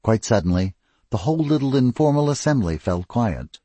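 Expressive male narrator, husky, lively, dry close sound; fits first-person audiobook. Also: mid-range voice, normal speed, no echo.

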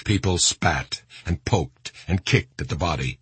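A man narrating an audiobook in a grave, expressive reading. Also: low voice, a little slow, slightly rough, no room sound.

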